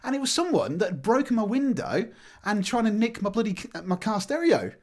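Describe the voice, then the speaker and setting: A man on a podcast telling a story with lots of energy, laughing and swearing as he gets excited. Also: high voice, fairly quick. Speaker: podcast co-host. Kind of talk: casual storytelling chat.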